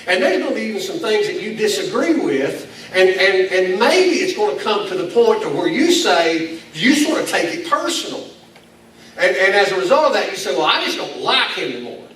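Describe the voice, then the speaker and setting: High-voiced pastor in an echoey hall. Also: male voice, big pitch swings, moderate pace, a bit bright. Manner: folksy, self-deprecating, with chuckles. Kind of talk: conversational sermon. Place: church meeting in a school building. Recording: echoey hall, distant mic, faint noise.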